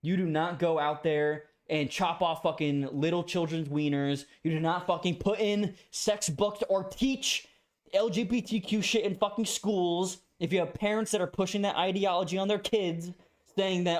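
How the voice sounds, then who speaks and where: A man's voice: high-pitched, steady tone, moderate pace. A young man in a heated, profane casual rant as a streamer. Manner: profane, ranting, emphatic.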